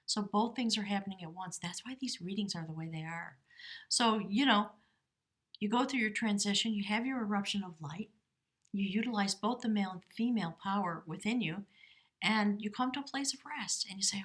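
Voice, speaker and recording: A woman's voice: mid-range voice, a little fast, a bit bright. Woman tarot reader, mid-range voice, earnest and emotive delivery with whispered asides. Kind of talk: spiritual reading monologue.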